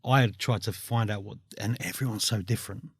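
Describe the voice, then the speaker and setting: A man in his thirties hosting a podcast, easygoing and quick to laugh, often restarting his sentences. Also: lowish voice, steady tone, vocal fry, slightly rough, no room sound. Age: 30s. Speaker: podcast host. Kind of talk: casual podcast conversation.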